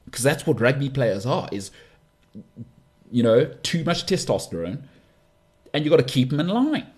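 A man hosting his own podcast, talking sport in a casual, opinionated, rambling monologue with big jumps in pitch. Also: a little mellow. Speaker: podcast host.

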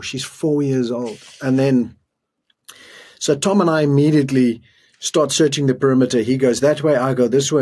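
A man's voice: mid-range voice, a little mellow, breathy edge. A middle-aged man from South Africa, a guest telling an emotional story in earnest, often restarting his sentences. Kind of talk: storytelling in a podcast interview.

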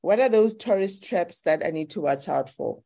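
A woman's voice: on the low side, expressive, moderate pace, vocal fry, mellow. Curious woman host asking questions. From not from London. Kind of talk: casual interview.

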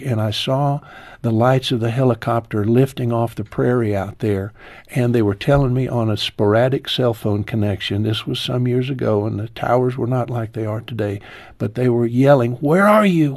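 A man in his sixties, a guest in an interview, telling a heartfelt personal story slowly, his voice falling low and soft at painful moments. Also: fairly even intonation, no room sound.

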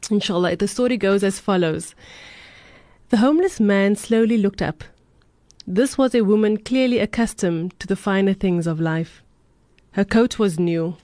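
A woman radio presenter narrating a motivational story in a steady, measured reading. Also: medium pitch, no echo.

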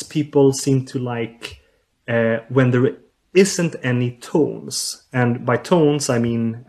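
Male researcher, guest, halting, lots of uh's, mid-pitched voice. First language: Swedish. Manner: hesitant, many uh fillers and restarts. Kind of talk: explaining in an interview.

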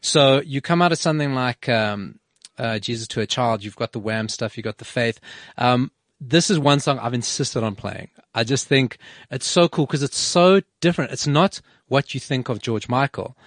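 A man's voice: mid-range voice, normal speed, fairly bright tone, dry recording, studio quality. A man hosting a casual radio chat, talking loosely with fillers and restarts. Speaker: radio host.

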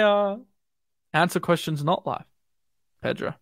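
A man's voice: fairly high pitch, no room sound, clean studio sound. A young Australian man streaming live, rambling casually with lots of fillers while walking through trading charts. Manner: relaxed, rambling, quick and slangy with many fillers. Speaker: crypto streamer.

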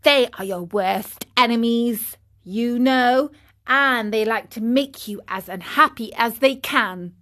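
A woman's voice: a little high, slow, a bit bright. A woman voicing a gang of rowdy, teasing schoolboys in a storybook reading, jeering and boastful.

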